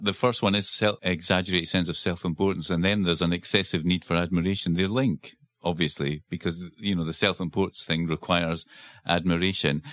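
A man's voice: sits low, fairly bright tone, dry recording, clean studio sound. A Scottish man co-hosting a podcast in casual, wry, self-deprecating chat. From Scotland. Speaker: podcast co-host. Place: Edinburgh.

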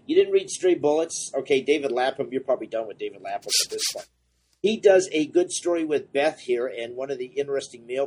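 Husky, rambling man on a podcast. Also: mid-range voice. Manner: rambling, excitable, self-deprecating. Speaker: podcast co-host and comic shop owner. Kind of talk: casual podcast chat.

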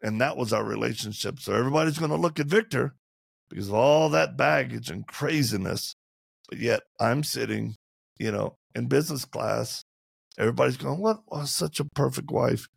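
A man, an interview guest, telling candid and humorous stories in conversation and acting out quotes in lively voices. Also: mid-range voice, normal speed, vocal fry, husky, no room sound, clean studio sound. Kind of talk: animated storytelling in conversation.

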